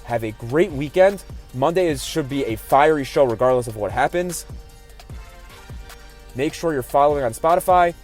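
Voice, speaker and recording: Heated, opinionated sports podcast host. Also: male voice, medium pitch, moderate pace, long pauses, faint music behind. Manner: opinionated, gets heated and animated. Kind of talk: solo sports talk podcast.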